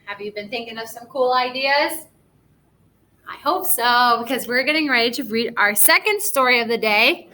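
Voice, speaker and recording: A woman teaching a first grade class through a recorded reading lesson, speaking gently and asking the children encouraging questions. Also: a little high, normal speed, a little hiss or hum.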